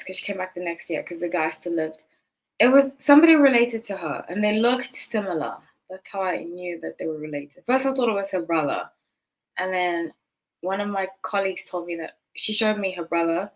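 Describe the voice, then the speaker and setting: A woman's voice: mid-range voice, rough recording. Chatty woman telling a rambling story. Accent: non-local accent noticed by others. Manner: rambling, chatty, full of asides and self-corrections. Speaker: tarot channel host. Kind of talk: casual storytelling to camera.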